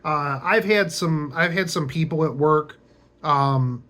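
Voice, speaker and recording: A man's voice: on the high side, slow pace, bright, forceful tone. A young man telling a casual, rambling story as a vlogger, full of fillers, restarts and wry, sarcastic asides.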